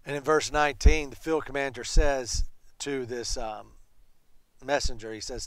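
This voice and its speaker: A man leading a casual Bible study, retelling scripture in an animated, conversational way. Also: mid-range voice, moderate pace, dry recording, rough recording.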